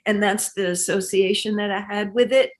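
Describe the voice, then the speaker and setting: A woman guest in an interview, a relationship teacher speaking in a measured, reflective, earnest way. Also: medium pitch, fairly even intonation. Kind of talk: interview conversation.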